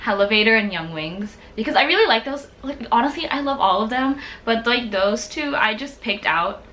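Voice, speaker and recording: A young woman tells a casual vlog story in a bright, sharp voice that sits a little high. She gushes excitedly and fills her sentences with "like." A faint noise hums underneath. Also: moderate pace. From United States. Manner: excitable, gushing, heavy use of "like". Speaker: vlogger.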